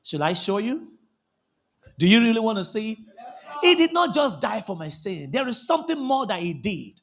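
A man preaching a sermon as a pastor, impassioned, bursting into shouts and calling for the congregation to answer back. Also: high-pitched, very animated, normal speed, vocal fry. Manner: impassioned, calls out for congregation responses. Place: church service.

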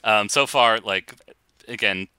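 A man's voice: lowish voice, slow, bright, forceful tone, smooth, no echo. A man co-hosting a casual podcast chat about a film, talking loosely with frequent laughs and restarts. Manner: chatty, laughs often, restarts sentences. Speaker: podcast co-host.

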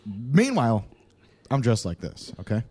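A man's voice: mid-range voice, wildly swooping pitch, measured pace, a little mellow, husky. A man co-hosting a podcast, telling a rowdy story in casual chat, swearing often and laughing through it. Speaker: podcast co-host.

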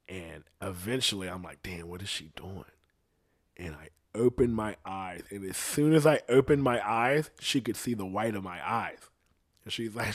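A young man telling a story in a loose, profane, animated way. He drops to low, hushed tones for tension, and his voice sits at an ordinary middle pitch. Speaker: guest. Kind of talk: casual storytelling.

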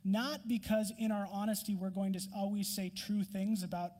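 High-voiced preacher in a reverberant hall. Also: male voice, level tone, moderate pace, darkish tone. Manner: emphatic, dramatically voices Job's complaints, drops to whispers. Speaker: pastor. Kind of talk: sermon.

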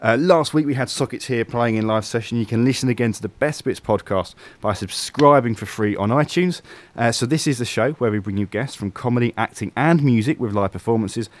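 A man's voice: mid-range voice, fairly quick, hardly any pauses. A man hosting a local radio show, presenting in a casual, dry, self-deprecating way from a studio. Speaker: radio host.

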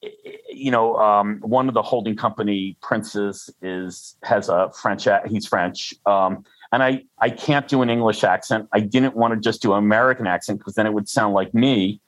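A man's voice: fairly low pitch, moderate pace, no room sound, poor audio. Older man, interview guest, rambling, self-deprecating, dry close sound. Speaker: guest, freelancer. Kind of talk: conversational interview.

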